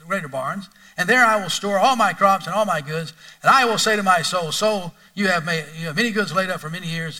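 Animated preacher man, bright and distant. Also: high-pitched. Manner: animated, conversational, asks the congregation questions. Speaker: pastor. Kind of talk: sermon.

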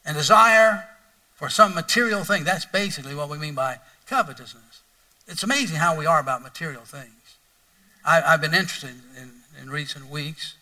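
A man preaching with a high, very bright voice that sounds set back from the microphone. He talks conversationally and animatedly, asking his listeners questions as he reads scripture and explains it. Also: far from the mic, low-quality recording. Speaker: pastor. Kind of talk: sermon.

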